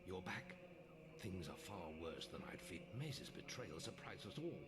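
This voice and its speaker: A man's voice: low voice, sing-song, unhurried, heavy background noise. An actor playing a stern male mentor who gives urgent orders in a solemn tone. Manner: solemn, commanding. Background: game music.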